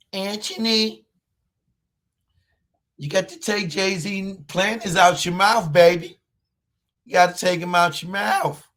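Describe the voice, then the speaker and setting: A man hosting a livestream, taunting a viewer in chat with drawn-out mocking questions and laughter. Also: high voice, fairly bright tone. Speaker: livestream host.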